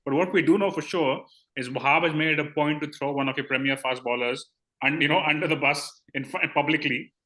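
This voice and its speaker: A man's voice: fairly high pitch, sharp tone, low-quality recording. A man hosting a cricket podcast, handing questions to his panel. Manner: brisk, hands over questions. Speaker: podcast host. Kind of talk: podcast discussion.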